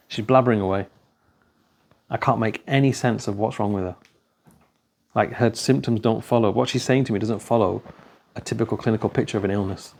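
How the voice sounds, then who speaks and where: A man's voice: on the low side, gravelly, a little mellow, breathy edge. A man giving a conversational religious talk, telling stories and acting out the dialogue. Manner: anecdotal, conversational, acts out dialogue. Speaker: speaker at a talk.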